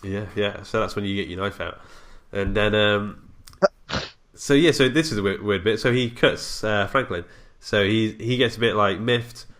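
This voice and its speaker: A man's voice: fairly low pitch, moderate pace, a bit bright. A man co-hosting a podcast, chatting casually and rambling about a film, laughing often. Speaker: podcast co-host.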